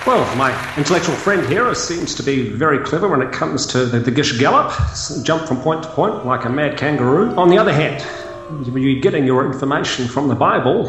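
A man's voice: a little high, animated, fairly quick, roomy sound. Wry, mock-formal man. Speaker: debater in a comedy sketch.

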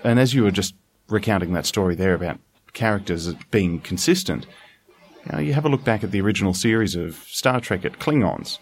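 A man's voice: fairly low pitch, expressive, brisk. A man from Australia, hosting a casual podcast chat, easygoing with dry asides and frequent laughter. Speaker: podcast host.

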